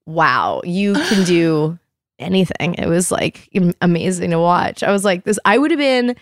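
A woman in her thirties tells stories in a casual chat, scattering "like" through every sentence and acting out each quote. Her voice sits at a middling pitch. It is recorded close on a mic in a dry room with no echo. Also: moderate pace. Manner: animated storyteller, heavy "like", acts out quotes.

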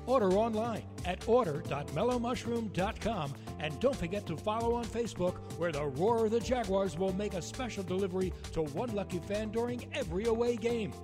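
A man's voice: sits high, animated, fairly quick, few pauses, music in the background. A man reading a scripted food delivery commercial. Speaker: ad announcer.

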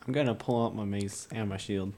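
A man playing in a tabletop game, relaxed and joking. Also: on the low side, fairly quick, a little hiss or hum. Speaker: player. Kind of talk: casual tabletop play.

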